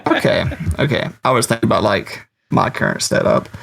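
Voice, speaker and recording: A man's voice: on the low side, lively intonation, fairly quick, gravelly, fairly bright tone. A man appearing as a guest on a casual podcast, chatty and self-deprecating. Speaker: podcast guest, pedal maker.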